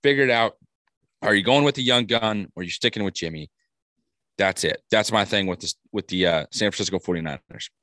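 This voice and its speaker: A man co-hosting a casual sports podcast, talking in a brash, animated way and swearing freely. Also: lowish voice, a little fast, no room sound, studio quality. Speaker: podcast co-host.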